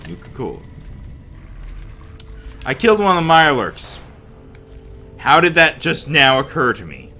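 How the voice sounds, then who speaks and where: A man giving casual commentary while playing a game, talking to himself and to the characters, sometimes slipping into a mock accent or a hushed murmur. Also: on the high side, sing-song, moderate pace, pauses often, faint music behind. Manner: talks to himself and the game characters, rambling and reactive; slips into a mock accent, drops to a hushed murmur when sneaking. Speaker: let's play gamer.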